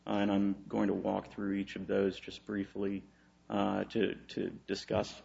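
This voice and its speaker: A man's voice: lowish voice, monotone, unhurried, creaky, a little mellow, lo-fi sound. A man from Texas, an attorney making an oral argument on appeal, hesitant with many fillers and restarts.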